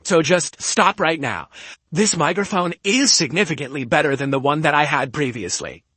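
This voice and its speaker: Man, emphatic streamer, slightly high voice, dry close-mic sound, casual talk. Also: expressive, moderate pace, bright, forceful tone, no echo. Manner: emphatic, argumentative, keeps asking "okay?". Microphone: studio podcast mic close up.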